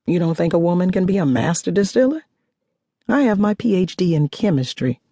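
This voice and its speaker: A self-assured woman with a dry, teasing wit, voiced by a woman narrator in an audiobook. Her voice is warm and a touch husky, recorded close and dry. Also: lowish voice, lively intonation, fairly quick, no room sound. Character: confident sharp-witted woman chemist, teasing.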